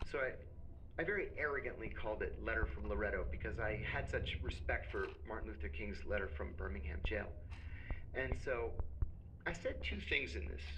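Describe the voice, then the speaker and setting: Animated storytelling man, noisy recording. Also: fairly low pitch. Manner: animated, acts out quoted voices. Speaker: podcast guest. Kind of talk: storytelling in conversation.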